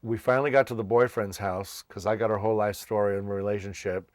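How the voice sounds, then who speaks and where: A man's voice: lowish voice, fast, no room sound. A man from Massachusetts, a children's entertainer, casually telling his life story and acting out the voices of people he met. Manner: animated, acts out quoted voices.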